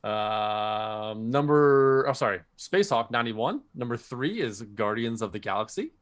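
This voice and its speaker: This man co-hosts a podcast and reads out listeners' picks in a relaxed, chatty way. His voice sits at an ordinary middle pitch. When he tells a story, he gets animated. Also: a little slow. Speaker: podcast co-host. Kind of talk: casual chat.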